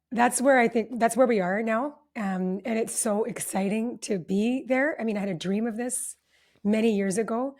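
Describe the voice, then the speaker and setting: Effusive woman guest on a podcast. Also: medium pitch. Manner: warm, effusive, grateful, with fillers. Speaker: guest, founder of a relationship summit. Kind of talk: casual podcast interview.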